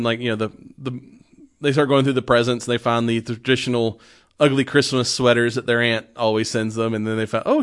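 A man's voice: mid-range voice, a bit bright, smooth. A man hosting a casual chat, rambling through a movie recap with lots of fillers and laughs.

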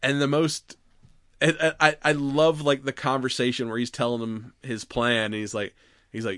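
A man's voice: mid-range voice, little pitch movement, normal speed, fairly bright tone, no echo, clean studio sound. A man co-hosting a podcast, retelling a film in casual chat, laughing often and acting out its lines. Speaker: podcast co-host.

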